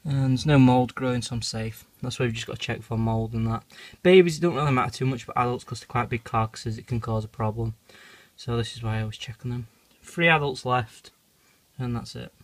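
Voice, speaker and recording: A man's voice: mid-range voice, a little fast, no echo. A man filming a casual phone vlog about his insect collection, squeamish and swearing as he freaks out. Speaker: reptile keeper vlogger. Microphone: phone camera.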